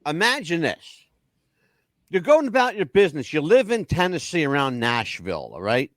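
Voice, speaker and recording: A man hosting a casual talk-radio show, telling stories with animated, crude and profane patter. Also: a little high, moderate pace, dry recording. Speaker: radio host.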